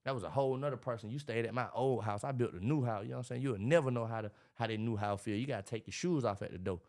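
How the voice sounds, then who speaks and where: A man, talking in a casual interview about his life, animated and preachy, acting out what others say. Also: medium pitch, very fast. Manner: animated, preachy storytelling with acted-out quotes. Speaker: podcast guest, motivational speaker.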